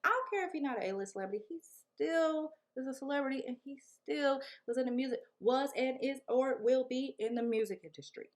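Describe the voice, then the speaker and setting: Animated young woman telling stories. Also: high voice, fairly quick, few pauses. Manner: animated, slangy, acts out quotes. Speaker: vlogger. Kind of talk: casual storytelling.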